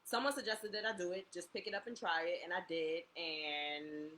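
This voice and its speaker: A young woman co-hosting a casual home talk show, telling stories in an animated way and acting out the people she quotes. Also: lowish voice, normal speed, slight background noise, low-quality recording. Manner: animated storyteller, acts out quotes. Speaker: podcast co-host. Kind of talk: casual chat.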